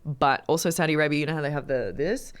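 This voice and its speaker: A woman's voice: deep voice, fast talker, clean tone. A woman guest on a podcast, chatting frankly and casually about her experiences. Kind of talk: casual conversational chat. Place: podcast studio.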